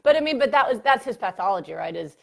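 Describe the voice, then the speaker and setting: Animated woman telling a story. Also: on the high side, quick pace, creaky. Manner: animated, breaks into laughter, many fillers. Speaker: guest psychiatrist. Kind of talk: casual interview storytelling.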